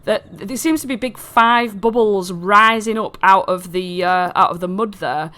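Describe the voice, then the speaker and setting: A woman's voice: medium pitch, measured pace, bright, forceful tone. A woman running a tabletop fantasy game, narrating in a chatty way with many fillers and restarts. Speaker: dungeon master.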